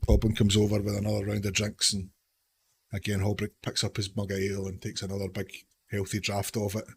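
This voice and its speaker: A man narrating a tabletop game as game master in a relaxed, loose way. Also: fairly low pitch, brisk, slight background noise. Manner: relaxed, loose, frequent fillers.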